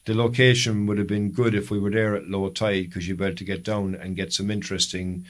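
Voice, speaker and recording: An Irish podcast co-host with a fairly low voice, talking in a relaxed, casual way. He tells long, winding anecdotes and keeps backtracking to fix details mid-sentence. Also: brisk. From Ireland. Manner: long rambling storytelling with self-corrections. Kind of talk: casual chat.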